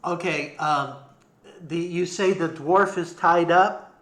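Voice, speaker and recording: A man's voice: fairly high pitch, takes it slowly, fairly bright tone. A man playing a tabletop game, speaking in a casual, matter-of-fact way. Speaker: player.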